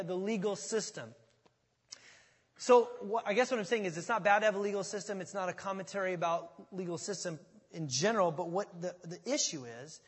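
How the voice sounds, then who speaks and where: Husky high-voiced pastor preaching. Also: male voice, long reverb tail. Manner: conversational, animated, jokes with congregation. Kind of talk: sermon.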